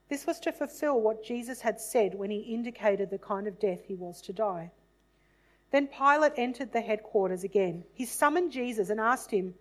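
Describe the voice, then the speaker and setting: A woman reading a Bible passage aloud in a measured, solemn way, then reflecting on it. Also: fairly high pitch, poor audio.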